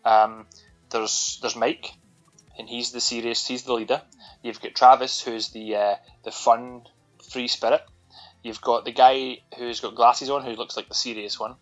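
A man's voice: mid-range voice, level tone, unhurried, highs cut off, soft background music. Sweary sardonic Scottish man. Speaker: podcast co-host. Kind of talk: casual film-review chat.

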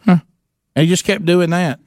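A man telling an animated story with lots of restarts, chatting casually as co-host. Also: high-pitched, moderate pace, dry recording, clean studio sound. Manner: animated storyteller, many restarts, imitates others.

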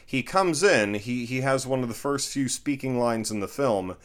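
Smooth-voiced man, halting and sarcastic. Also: mid-range voice, animated, a bit bright. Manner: halting, sarcastic and joking, many restarts. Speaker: podcast co-host. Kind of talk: casual chat reviewing a film.

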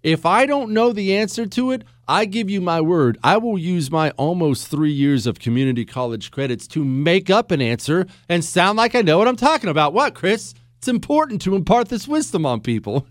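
A man's voice: sits high, very animated, normal speed, no echo, clean studio sound. A man hosting a talk radio show, joking with sarcastic asides as he talks to listeners and callers. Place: radio studio. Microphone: studio microphone.

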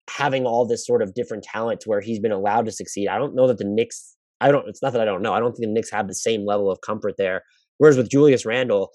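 Podcast host, male, lowish pitch, dry booth sound, rambling analytical delivery. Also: a little mellow, no echo. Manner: thinks aloud with frequent restarts and hedging. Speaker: basketball podcast host answering listener questions. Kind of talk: casual solo podcast analysis.

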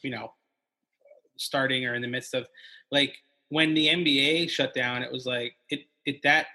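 A man who is a comedian, talking as a guest on a podcast in a halting way with lots of fillers. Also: medium pitch, fairly even intonation, pushed and bright. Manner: halting, many fillers and restarts. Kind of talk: casual podcast chat.

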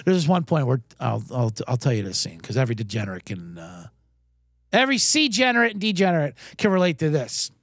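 A man's voice: medium pitch, a little fast, no room sound, clean studio sound. A man hosting a sports betting podcast, rambling through stories in casual talk. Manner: rambling, animated storytelling with restarts.

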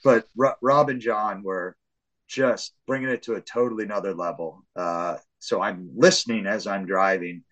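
A man hosting a casual sports podcast, telling an animated story full of swearing. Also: on the low side, normal speed, low-quality recording. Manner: animated storytelling, acts out shouts and voices of family; swears freely. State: hard of hearing. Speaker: podcast host.

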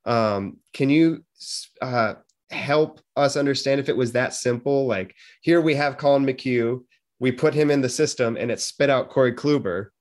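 A man's voice: mid-range voice, normal speed. A man hosting a casual interview, rambling with lots of fillers and little jokes. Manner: rambling, full of fillers, jokey. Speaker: podcast host.

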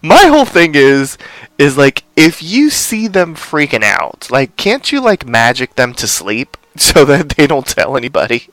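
A man's voice: on the high side, sing-song, a little slow, a bit bright, dry recording. A man hosting a podcast, casually recapping a TV episode with lots of fillers and asides. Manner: rambling, filler-heavy. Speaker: podcast host.

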